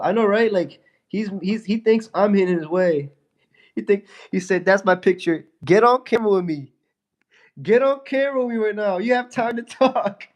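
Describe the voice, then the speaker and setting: Mocking young man livestreaming with fever. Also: fairly high pitch. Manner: mocking, trash-talking, laughing at a chat viewer. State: stuffy nose with a fever. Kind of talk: casual livestream taunting.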